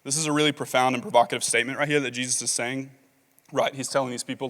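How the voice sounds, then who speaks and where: A man's voice: mid-range voice, little pitch movement, racing, a bit bright. A man preaching a sermon as pastor, talking casually with many fillers and reading scripture aloud. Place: large church hall. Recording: long reverb of a large hall.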